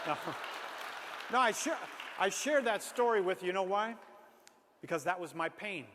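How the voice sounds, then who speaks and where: High-voiced man telling a story in a hall. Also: moderate pace, a crowd in the background, noisy background. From Minnesota. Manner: animated, self-mocking humor. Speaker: speaker. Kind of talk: storytelling talk to an audience. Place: large hall before an audience. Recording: reverberant hall.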